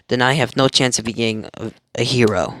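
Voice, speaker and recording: A young man voicing a calm, confident, serious teenage boy hero in a fan story. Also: mid-range voice, normal speed, slight background noise, pitched below the performer's own voice, natural voice. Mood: determined.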